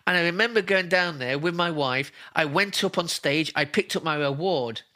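Speaking with a fairly high pitch and a sharp tone at moderate speed, a spiritual healer shares emotional stories from his own life as an interview guest. His delivery is earnest and forceful, and he frequently repeats things for emphasis.

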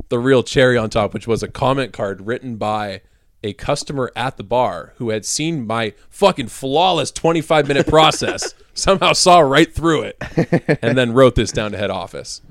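A man's voice: medium pitch, dry recording, studio quality. A young man co-hosting a podcast, telling a story in a laid-back, casual way, laughing often and swearing. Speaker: podcast co-host.

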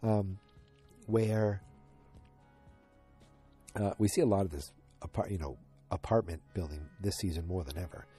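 Talking fast in a low-pitched, warm voice with a breathy edge, a yawning, sleepy podcast host sits at home in front of the TV. He rambles casually through a recap of a TV episode, chatty and prone to asides, while faint music plays in the background.

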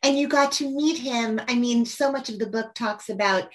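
A woman's voice: on the high side, normal speed. A woman interviewing an author, eager and enthusiastic, asking long winding questions. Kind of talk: conversational interview.

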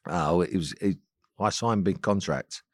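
A man, a podcast guest telling anecdotes in a chatty, chuckling way that sinks into low asides. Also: a little slow, no room sound, clean studio sound. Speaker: podcast guest, former footballer. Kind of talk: casual storytelling chat.

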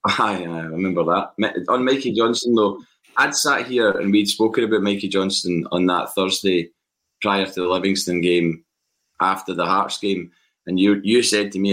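A Scottish man joining a football podcast as a pundit, talking in a measured, casual way as he weighs his points. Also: low-pitched, steady tone, fairly bright tone.

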